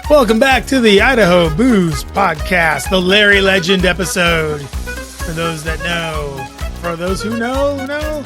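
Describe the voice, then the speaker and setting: A man's voice: high voice, lively intonation, a little slow, music in the background. A man hosting a podcast, running through weekend events in a rambling, chatty way with jokey asides. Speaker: podcast host. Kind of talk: casual event roundup.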